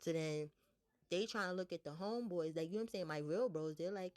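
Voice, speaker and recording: A young woman casually telling a storytime, blunt and profane, jumping up in pitch to act out what people said. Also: a little fast. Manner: animated retelling, blunt and profane, voices others higher.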